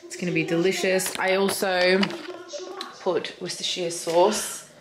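A woman's voice: fairly low pitch, measured pace, background noise. Chatty young Australian woman vlogger. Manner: animated, swears freely, many "like" fillers. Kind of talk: casual vlog storytelling.

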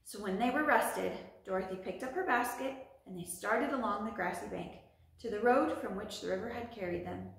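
Brief: woman storytime reader, slightly high voice, gentle bedtime narration, echoey room. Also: gravelly. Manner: gentle, steady read-aloud narration. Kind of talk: reading a children's book aloud.

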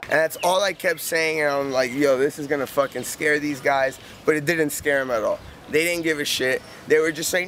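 Beside a canal, with vehicles passing and street noise all around, a young man rambles through a casual, profane story, full of "like" and restarts. He speaks at a normal speed with few pauses, and his voice is on the high side and somewhat bright.

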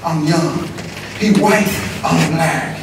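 A man from Los Angeles giving a motivational school-assembly talk, telling his story and calling out for the crowd to answer back, from hushed to shouting. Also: fairly high pitch, slow pace, creaky, background noise. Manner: storytelling, call-and-response with the audience, swings from hushed to shouting. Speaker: motivational speaker. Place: school gym or auditorium. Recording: echoey hall, voice from far off.

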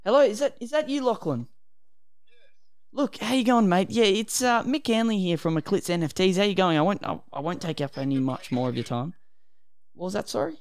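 A man voicing a chummy, rushed male salesman during a prank call. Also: sits high, lively intonation.

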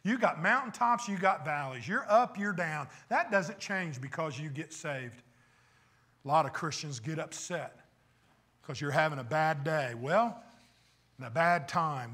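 A male pastor preaches with a high, ringing voice that sits well above most men's. He drives his points home with emphatic rhetorical questions to the congregation and slips in wry, teasing asides. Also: lively intonation, measured pace, bright, forceful tone, husky. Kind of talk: sermon.

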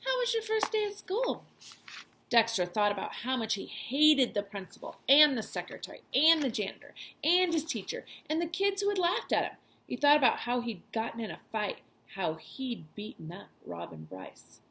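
A woman's voice: a little high, normal speed, a little hiss or hum. A woman teacher reading a children's chapter book aloud to her class. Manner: expressive storytelling voice.

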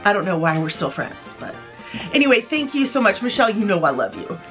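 A woman's voice: mid-range voice, sing-song, fairly quick, fairly bright tone. Bubbly woman vlog host, chatty show-and-tell at home, faint music under her voice. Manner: bubbly, gushing, talks straight to viewers.

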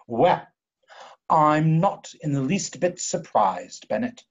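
A vain, pompous old English dandy, read by a man who drawls his lines with theatrical airs. The voice is husky and a little breathy, and it comes through dull, lo-fi video call audio. It is a stage play read aloud over a call. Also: on the high side, big pitch swings, slow pace, full character voice. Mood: lecturing.

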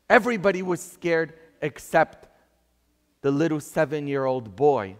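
A man's voice: fairly high pitch, lively intonation, measured pace. A man with a Polish accent, a pastor preaching a sermon in a church and earnestly asking the congregation questions. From Poland. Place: large church. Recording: long church hall reverb.

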